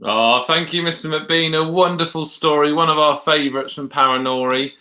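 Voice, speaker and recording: A man hosts a school morning livestream, chatting casually and greeting viewers. His voice is bright and forward, pausing with small "uh"s as he reads out names. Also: on the high side, steady tone. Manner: friendly, with "uh" pauses while reading out names. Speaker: teacher hosting a school livestream. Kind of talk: casual chat.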